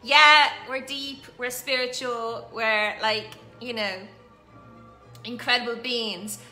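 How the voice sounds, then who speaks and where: A woman's voice: fairly high pitch, fairly even intonation, takes it slowly, pushed and bright, faint music behind. A woman hosting a weekly live coaching stream, chatting in a bubbly, gushing way, full of fillers and asides. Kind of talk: casual live-stream chat. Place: at home.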